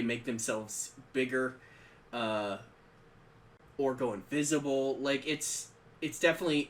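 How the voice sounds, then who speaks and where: A man's voice: medium pitch, a bit bright, slight background noise. A man co-hosting a podcast, talking about tabletop games in a rambling, conversational way with frequent restarts. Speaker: podcast co-host.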